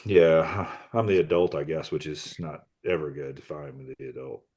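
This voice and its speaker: A man's voice: very deep voice, steady tone, moderate pace, darkish tone, slightly rough. A middle-aged man, a musician guest on a podcast, chatting casually, joking and laughing often. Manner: jokey, laughs often, teasing. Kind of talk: casual interview chat.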